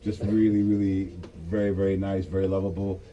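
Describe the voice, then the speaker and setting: A man from the United States, a DJ guest in a casual radio interview, talking in a relaxed, reflective way. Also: sits low, dull audio. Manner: relaxed, reflective, quick to laugh. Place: radio studio.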